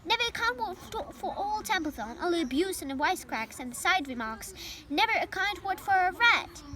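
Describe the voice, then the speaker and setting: A woman's voice: very high voice, big pitch swings, moderate pace, sharp tone, voice pushed up, exaggerated voice. A young woman voicing a lazy, sarcastic male rat who grumbles and mocks in disgust, reading a storybook aloud.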